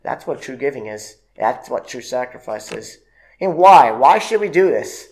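A man preaching a sermon in a church, halting with fillers and restarts, and reading scripture aloud in old-fashioned wording. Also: medium pitch, lively intonation, creaky, a little mellow, rough recording.

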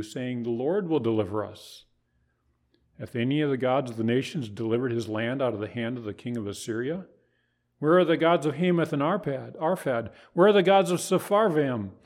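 A man's voice: fairly high pitch, darkish tone. A man preaching a sermon, pressing his points with rhetorical questions and voiced asides. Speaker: pastor.

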